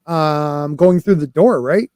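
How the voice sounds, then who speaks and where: A man's voice: fairly high pitch, takes it slowly, no room sound, clean studio sound. Chatty man hosting a podcast. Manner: chatty, shouts out live chat viewers. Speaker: podcast host. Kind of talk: casual podcast chat.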